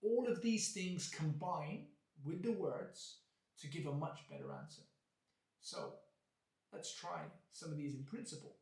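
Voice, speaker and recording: A man teaching an English lesson, explaining clearly and acting out examples with exaggerated intonation. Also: fairly high pitch, lively intonation, measured pace, darkish tone. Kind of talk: video lesson. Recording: echoey room.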